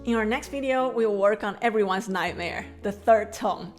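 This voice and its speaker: A woman's voice: mid-range voice, soft background music. Mandarin-native woman teaching tones. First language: Mandarin Chinese. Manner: clear, measured explanations with slow modeled drills. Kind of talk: scripted language lesson.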